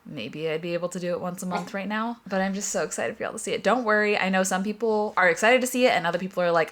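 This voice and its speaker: A woman's voice: on the low side, expressive, quick pace, hardly any pauses, a bit bright. A young woman vlogger chatting casually and upbeat while baking in her home kitchen. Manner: chatty, upbeat, self-deprecating.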